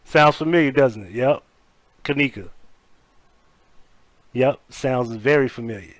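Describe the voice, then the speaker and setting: A man's voice: medium pitch, unhurried, dry recording. A man hosting a casual live-stream commentary, talking skeptically and profanely while reacting to news and greeting chat. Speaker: commentary host.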